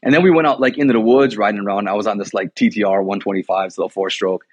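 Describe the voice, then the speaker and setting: A man's voice: lowish voice, fairly even intonation, quick pace, dry recording. A man from Milwaukee, a combat sports coach, rambling through a casual chat with lots of "like" and "you know". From Milwaukee, USA. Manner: rambling storyteller, heavy use of "like" and "you know". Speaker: boxing and Muay Thai coach, guest.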